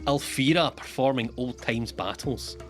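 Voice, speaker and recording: A Scottish man giving jokey, animated commentary while streaming a game. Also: mid-range voice, measured pace, over music. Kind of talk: gameplay commentary.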